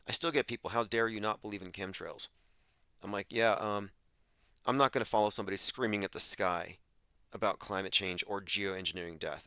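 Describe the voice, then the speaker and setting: A man's voice: fairly low pitch, sharp tone, no room sound. A man hosting a podcast, delivering an emphatic, sardonic monologue and mocking the voices of the people he quotes. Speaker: podcast host. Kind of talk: monologue commentary.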